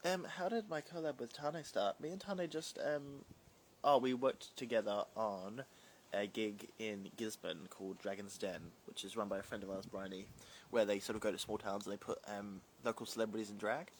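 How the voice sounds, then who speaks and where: A man's voice: lowish voice, normal speed, slight background noise, low-quality recording. A young man, chatting casually on a livestream and answering viewer questions with lots of fillers and rambling asides. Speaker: drag performer answering fan questions on a livestream. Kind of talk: casual chat, reading and answering live comments.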